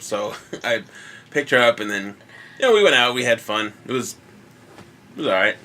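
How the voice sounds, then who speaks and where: A man's voice: on the low side, animated, fast talker, pushed and bright. A man hosting a podcast, telling a story in casual chat, laid-back, swearing often and laughing. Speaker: podcast host.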